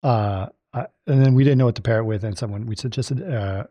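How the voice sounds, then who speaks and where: A man's voice: mid-range voice, a little fast, no room sound. A man hosting a casual film podcast, telling anecdotes and acting out what others said. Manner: animated storyteller, mimics others' quotes. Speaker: podcast host.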